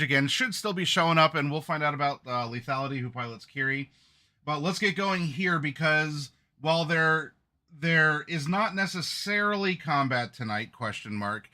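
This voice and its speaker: A man's voice: mid-range voice, pushed and bright. A man hosting as game master, chatting casually with his players, with many fillers and frequent laughs. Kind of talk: casual chat.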